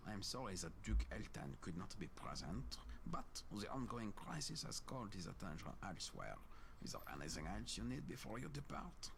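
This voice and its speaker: Game npc duke with a thick fake foreign accent, deep gravelly voice. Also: male voice, big pitch swings, moderate pace, fairly bright tone, exaggerated voice. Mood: formal. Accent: put-on foreign accent. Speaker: game character. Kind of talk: video game voice acting.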